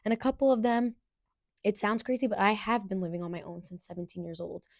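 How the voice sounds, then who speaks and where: A young woman hosting a podcast, telling a personal story in an earnest, halting way with restarts. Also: medium pitch, a little mellow, dry recording, clean studio sound. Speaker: podcast host.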